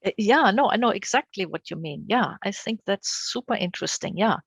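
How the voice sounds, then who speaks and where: Older woman with a gravelly voice, dry sound. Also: medium pitch, expressive, brisk, dry recording, muffled recording. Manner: warm, encouraging, many fillers. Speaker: invited speaker answering questions. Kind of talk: academic Q&A.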